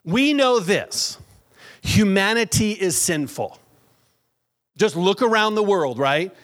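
A middle-aged man preaching a lively sermon in a church, drawing call-and-response from the congregation. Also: sits high, slow pace. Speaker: pastor.

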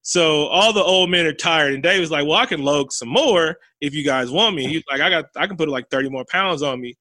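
A man's voice: a little high, brisk, no echo. A man in casual chat, animatedly retelling a film scene, acting out the characters' lines and laughing often. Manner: animated storyteller, acts out quotes, swears, laughs often.

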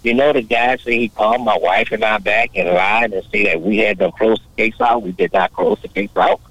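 A man's voice: fairly low pitch, brisk, creaky, fairly bright tone, dry recording, poor audio. A man, talking in an impassioned, preachy way in a casual chat.

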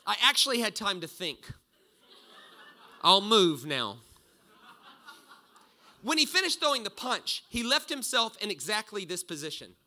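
A middle-aged man preaching a sermon, telling a story with loud bursts and low asides. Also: sing-song, measured pace, long pauses. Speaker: pastor.

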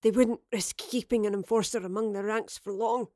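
A woman's voice: mid-range voice, steady tone, mellow, no echo, close to an everyday voice. A stern female commander lies dying, her voice strained and gasping, each phrase forced out between breaths, as a woman reader plays her. It sounds like an audio drama reading. The sound is close and dry, with no room around it. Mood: strained, urgent. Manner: halting, breathy, urgent.

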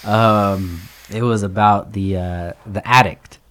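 A man's voice: on the low side, steady tone, takes it slowly, a bit bright. A man hosting a casual podcast interview, easygoing and encouraging. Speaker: podcast host.

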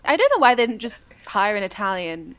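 A woman co-hosts a casual podcast chat and gives her opinions firmly. Her voice sits at a middle pitch. Her delivery is dry and matter-of-fact. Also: very animated, a little fast, a bit bright, clear, resonant tone. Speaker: podcast co-host.

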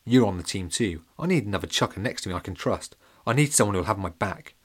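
An earnest young schoolboy, sure of himself and steady, voiced by a man reading aloud. The voice stays close to the reader's own, only a touch lifted. He is a storybook team captain in a children's audiobook. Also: on the low side, fast talker, slightly rough.

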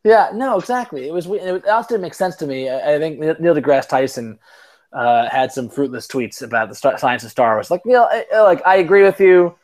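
Podcast host, male, slightly higher voice, rambling and self-deprecating, casual swearing. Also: expressive, fairly quick, a little mellow. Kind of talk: casual chat.

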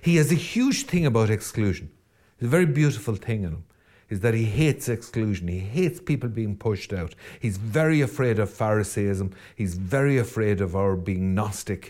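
A man's voice: on the low side, expressive, moderate pace, darkish tone. An Irish man, a Catholic priest, giving an earnest, rambling podcast reflection with self-deprecating asides.

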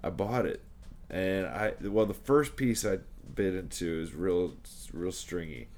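Young man, very low voice, relaxed joking host, faint hiss. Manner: laid-back, jokey, quick to laugh. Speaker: podcast host. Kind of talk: casual chat.

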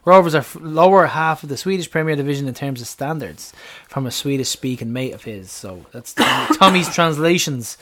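Sex: man. Role: podcast co-host. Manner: jokey, casual swearing, slightly high voice. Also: lively intonation, brisk, few pauses, a bit bright. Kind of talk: casual football fan chat.

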